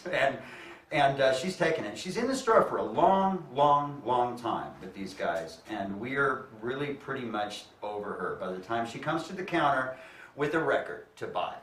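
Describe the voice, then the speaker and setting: A man hosting a comedy show, telling a stand-up story in an animated way and laughing often. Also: mid-range voice. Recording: echoey room, distant mic, faint noise.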